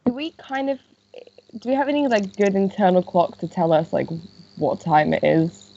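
A woman's voice: medium pitch, expressive, moderate pace, vocal fry, dark tone. A woman player chatting casually during a tabletop game, asking questions. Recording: dull lo-fi audio with faint noise.

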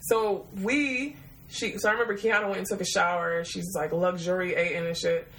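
A woman's voice: on the low side, fairly even intonation, moderate pace, a bit bright, a little hiss or hum, rough recording. Profane, laughing woman telling a story. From Detroit, USA. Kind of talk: casual storytelling.

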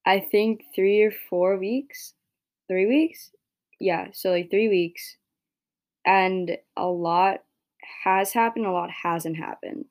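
A woman's voice: on the low side, darkish tone. A young woman hosting her own podcast, talking in a rambling casual monologue full of "like" and "right?", swearing freely and getting heated when frustrated. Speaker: podcast host.

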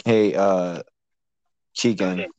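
A teenage boy in middle school, chatting on a podcast and cracking goofy deadpan jokes. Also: low-pitched, drawn-out words, lo-fi sound, crowd noise. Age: teens. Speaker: podcast co-host. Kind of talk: casual chat.

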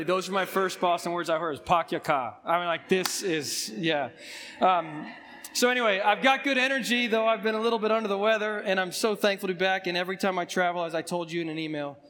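A male pastor with a voice hoarse from a recent illness, chatting through church announcements in a relaxed way with frequent ums. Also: sits high, long reverb tail, a little hiss or hum. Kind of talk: pulpit announcements before a sermon. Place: church sanctuary.

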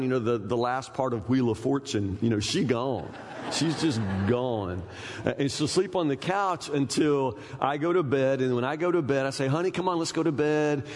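A man, preaching a sermon with folksy, animated storytelling. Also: medium pitch, long reverb tail. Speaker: pastor.

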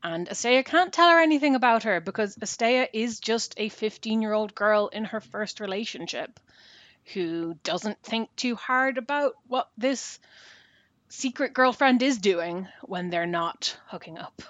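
Woman chatting thru a book plot, kinda rambly, dry quiet room. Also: on the high side, lively intonation, measured pace, no echo, lo-fi sound. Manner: retelling a plot at length with fillers. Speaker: book podcast co-host. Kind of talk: casual book discussion.

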